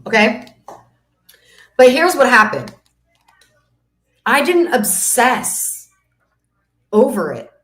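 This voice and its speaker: A woman's slightly high, fairly bright voice comes across very animated yet very slow, with long pauses. As a business coach hosting a masterclass, she preaches emphatically in a faith-driven motivational webinar, repeating phrases for effect, and the room echoes noticeably.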